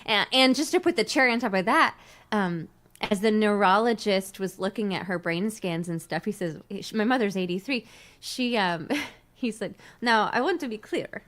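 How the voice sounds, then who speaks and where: A middle-aged woman hosts a casual livestream chat, speaking at a moderate pace in a mid-range voice. She's chatty and animated, telling stories and laughing often.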